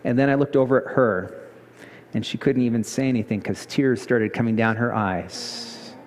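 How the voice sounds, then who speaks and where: A male pastor preaching a sermon, telling a story with lively emphasis and pitch jumps. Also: normal speed. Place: church sanctuary. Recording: church hall reverb.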